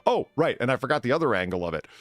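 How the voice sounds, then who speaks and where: A man's voice: medium pitch, big pitch swings, very fast, no echo, faint music behind. A man hosting a casual comedy podcast, reading news items and ranting about them with lots of swearing. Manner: ranting, profane, reads news items then riffs. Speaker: podcast host.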